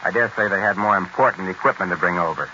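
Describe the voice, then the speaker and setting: A man narrating in a brisk, explanatory way, in a 1940s radio documentary. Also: low voice, pushed and bright, slight background noise. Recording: dull lo-fi 1940s radio recording.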